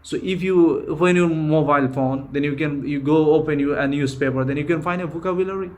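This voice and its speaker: A man's voice: on the high side, fairly quick, a little mellow. A man with a Bangladeshi accent, a native Bengali speaker, gives an earnest, informal spoken-English lesson, often restarting and repeating himself. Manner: earnest, repetitive, frequent restarts. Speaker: English teacher.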